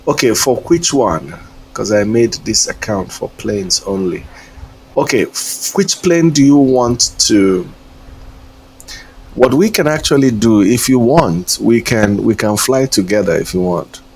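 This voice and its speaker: A man's voice: lowish voice, expressive, unhurried, a little mellow, a little hiss or hum. A man streaming a flight simulator, chatting casually in a rambling, hesitant way and chuckling often. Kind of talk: casual live-stream chat.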